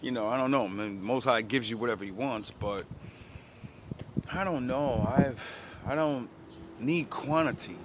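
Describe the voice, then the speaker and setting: A man's voice: medium pitch, a little slow, heavy background noise. A man casually retelling an old story in his own words, blunt and full of profanity and slang.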